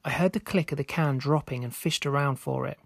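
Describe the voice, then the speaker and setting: A man's voice: mid-range voice, fairly quick, creaky, dry recording, clean studio sound. Man narrating a spooky story. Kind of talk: scripted narration.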